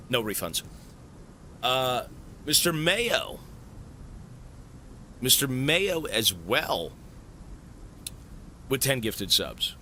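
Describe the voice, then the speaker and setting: A man talking to his stream viewers in a bright, forceful, animated voice. He is excitable and swears freely, breaking into surprised shouts. A faint rumble sits under the home desk recording. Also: slow pace, long pauses. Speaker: Twitch streamer. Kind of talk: live stream chat with viewers.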